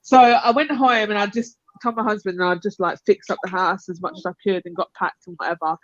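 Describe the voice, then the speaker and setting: A woman's voice: mid-range voice, steady tone, a little fast, no echo. A young woman on a live panel, casually telling a long personal story, rambling and laughing often as she acts out other people's lines. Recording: dull, lo-fi call audio.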